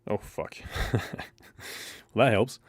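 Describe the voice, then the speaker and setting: A man's voice: takes it slowly, no room sound. A man hosting a casual trading livestream, reading out chat and swearing often. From Scotland. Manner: excitable, swears a lot, reads chat aloud. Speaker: livestream host.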